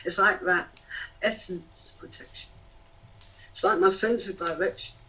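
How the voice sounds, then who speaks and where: A man's voice: high-pitched, steady tone, measured pace, bright, forceful tone, slight background noise. A man performing spoken word poetry in a rhythmic, rhyming, emotional delivery. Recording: distant, dull lo-fi sound.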